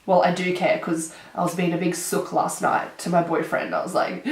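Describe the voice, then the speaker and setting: A young woman with an Australian accent, talking casually as a beauty vlogger, her voice nasal from a cold and her manner bubbly and excitable. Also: on the low side, moderate pace, hardly any pauses. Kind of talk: casual chat. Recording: echoey room.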